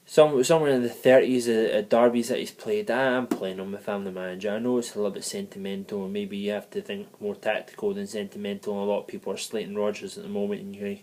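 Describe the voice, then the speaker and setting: A man's voice: lowish voice, little pitch movement, fast, hardly any pauses, darkish tone, slight background noise. A man giving a heated, profane and digressive football review in a fan vlog. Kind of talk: ranting match review vlog. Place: living in the United States.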